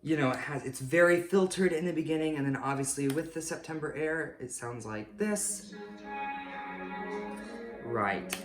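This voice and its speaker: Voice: mid-range voice, normal speed, soft background music. Chatty singer in a roomy space. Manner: chatty, upbeat, self-mocking. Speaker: singer-songwriter. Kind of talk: casual behind-the-scenes chat. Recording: roomy echo.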